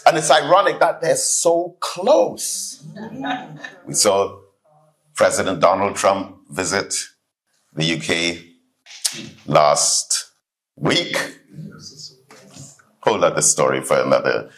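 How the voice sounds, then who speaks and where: A man giving a sermon-style keynote address in a hall, telling stories with lively acted-out voices. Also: sits low, slow pace, pauses often. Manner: animated storytelling, acts out voices in anecdotes. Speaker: keynote speaker, student minister. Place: hall, live audience.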